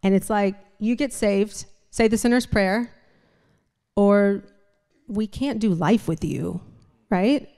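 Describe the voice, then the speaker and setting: Woman preacher, mid-pitch, emphatic sermon style with constant rhetorical check-ins, long hall reverb. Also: takes it slowly, long pauses, warm tone. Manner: emphatic, keeps checking in with the room by asking "right?" and "okay?". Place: church sanctuary before a congregation.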